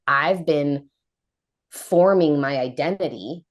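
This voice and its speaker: A woman in her thirties, a podcast guest telling a personal story in a casual, animated way, acting out quoted voices. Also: deep voice, normal speed. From United States.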